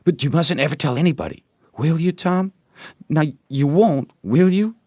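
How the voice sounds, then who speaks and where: A man's voice: a little high, normal speed, warm tone, no echo, voice pushed up. A man voicing a shy, tender young girl in an audiobook, speaking in a timid, pleading way. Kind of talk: audiobook reading.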